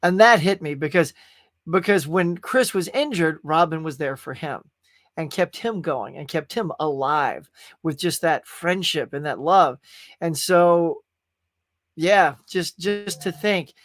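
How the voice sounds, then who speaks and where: In a clean studio recording with no room sound, a man with a slightly high, somewhat bright voice speaks a little slowly. Hosting a casual pop culture podcast, he gushes emotionally about a movie, rambling and restarting his sentences.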